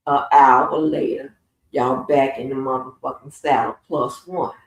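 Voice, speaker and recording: A woman's voice: rumbling low, fairly even intonation, unhurried. A woman hosting a casual livestream, telling stories with lots of swearing and laughter. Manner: profane, laughing storyteller. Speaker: stream host. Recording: roomy, distant from the mic.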